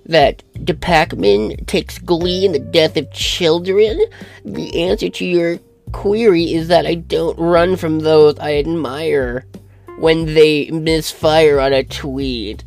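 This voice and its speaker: A man mocks up a smug, pompous man who drags every word out slowly. The voice sits well above his usual pitch. Soft music plays faintly underneath. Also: steady tone, creaky. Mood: mocking. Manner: drawn-out, mocking delivery. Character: pompous, slow-talking man, smug and evasive.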